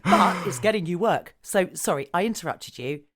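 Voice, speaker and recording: A woman's voice: lowish voice, expressive, normal speed, a bit bright. A middle-aged woman from England hosting a podcast, gushing about her guest and interrupting often. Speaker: podcast host. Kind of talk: casual chat.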